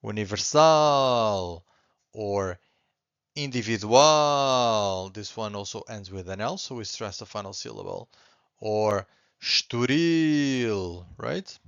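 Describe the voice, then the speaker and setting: A man teaching a beginner language lesson, patiently repeating words slowly and clearly. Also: fairly low pitch, fairly bright tone, no echo, dull audio.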